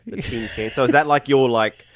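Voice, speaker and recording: A man's voice: mid-range voice, brisk. A man from Australia with a broad Australian accent, a guest on a podcast, chatting casually in a laid-back, joking way. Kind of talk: casual chat.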